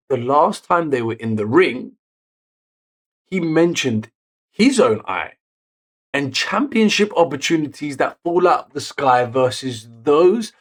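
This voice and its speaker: A man recapping a wrestling show in casual narration, getting excited on the big moments and correcting himself as he goes. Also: medium pitch. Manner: self-correcting, picks words as he goes.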